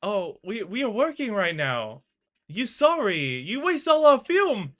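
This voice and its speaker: A man's voice: high-pitched, huge pitch swings, unhurried, pitched above the performer's own voice, full character voice. A man doing an impression of an exasperated male movie star, speaking in clipped, broken English. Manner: loud and emphatic.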